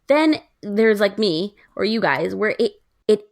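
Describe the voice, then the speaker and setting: A woman's voice: mid-range voice, animated, measured pace, creaky. A woman chats candidly on a podcast in a mid-range voice. She speaks with emphasis and throws in sassy asides. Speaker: podcast guest. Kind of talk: casual chat.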